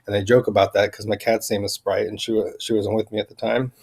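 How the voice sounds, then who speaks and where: A man vlogging a rambling personal account, halting and full of fillers and restarts. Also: fairly low pitch, flat delivery, gravelly, darkish tone.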